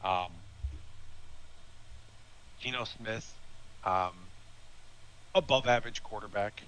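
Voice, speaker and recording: A man's voice: on the low side, takes it slowly, fairly bright tone, a little hiss or hum, low-quality recording. A man giving casual sports opinions, emphatic and sometimes sarcastic. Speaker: guest, sports analyst.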